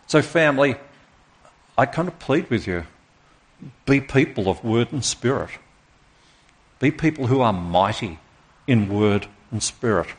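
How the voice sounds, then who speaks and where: A man's voice: mid-range voice, lively intonation, unhurried, pauses often. A man preaching a sermon as pastor to his congregation, earnest and emphatic, stopping to put questions to the listeners.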